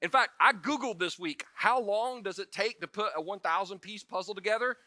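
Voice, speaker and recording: Bright, high-voiced man preaching casually. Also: no room sound. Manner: conversational and joking, with quick asides and restarts; acts out the story figures in quick voices. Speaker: pastor. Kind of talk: casual sermon.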